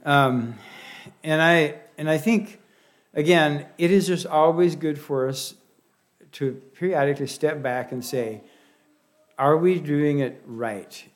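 A man with a Pennsylvania Dutch accent delivering a sermon, folksy and halting, often restarting his words. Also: fairly high pitch. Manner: halting, with many restarts and fillers; folksy, with light humor. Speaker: preacher.

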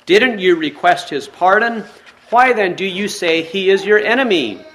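A man voicing an army general who speaks in a measured, firm way, grave but kind. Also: high-pitched, lively intonation, a bit bright, soft background music. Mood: grave, kindly.

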